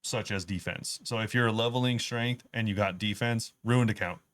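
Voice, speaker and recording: A man co-hosts a casual gaming podcast, explaining game updates in an easygoing, detailed way. His voice is on the low side and a bit bright, at a moderate pace, and the recording is dry.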